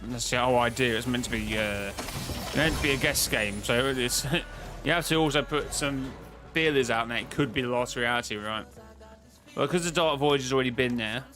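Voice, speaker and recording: With music playing behind him, a streamer speaks at medium pitch and a moderate pace, rambling about game-lore theories. He talks to his chat and frequently restarts and corrects himself.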